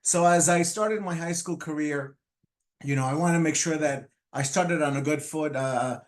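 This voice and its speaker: Guy in his 50s, spanish first language, slightly high voice, telling his story on stage, lots of um and restarts. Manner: halting, many restarts and fillers. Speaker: motivational speaker. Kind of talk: personal storytelling speech.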